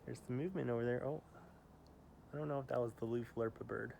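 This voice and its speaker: A man's voice: mid-range voice, steady tone, fast, creaky, darkish tone, slight background noise. A man outdoors reading homework instructions aloud and coaxing a child, stumbling over his words now and then. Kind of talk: playful family vlog. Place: outdoors by home.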